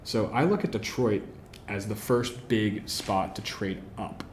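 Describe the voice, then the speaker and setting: A man's voice: fairly low pitch, unhurried, slight background noise. A man hosting a solo football podcast, giving opinionated analysis, posing questions and answering them himself, with frequent fillers. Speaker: podcast host.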